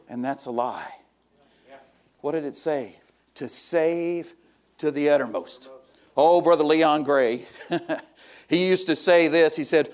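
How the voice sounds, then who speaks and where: A male pastor preaching a sermon, reading scripture and then explaining it, swinging between loud rising exhortation and quiet confiding talk. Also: fairly high pitch, slow, long pauses. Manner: reads scripture aloud, then explains it plainly.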